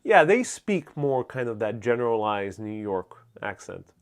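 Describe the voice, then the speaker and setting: A man's voice: lowish voice, sing-song, unhurried. Young man hosting a chatty live stream. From United States. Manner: chatty, reads viewer comments aloud and answers them. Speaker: host. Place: out on city streets during a live stream. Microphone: wireless lapel mic.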